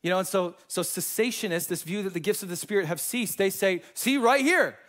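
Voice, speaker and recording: A man preaching a sermon and telling personal testimonies in a casual, slangy, animated way. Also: sits high, fast. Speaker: pastor.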